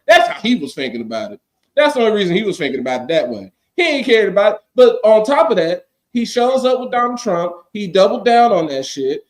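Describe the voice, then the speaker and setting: A man co-hosting a casual podcast chat, talking in animated, profane rants and quoting people in mock voices. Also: high voice, fairly quick. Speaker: podcast co-host.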